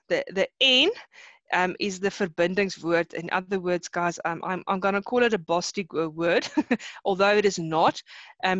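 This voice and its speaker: A woman teaches a class over a video call. She explains a poem slowly and hesitantly, and she often repeats words as she searches for them. The sound is dull and dry, like a computer microphone. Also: lowish voice, fairly bright tone, dry recording. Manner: explains slowly, mixing in Afrikaans terms. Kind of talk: online lesson explaining a poem.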